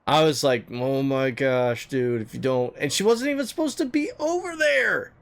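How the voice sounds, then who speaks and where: A young man and live streamer casually telling his chat a story, animated, dropping to low mutters and jumping up high when he mimics people. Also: normal speed, gravelly.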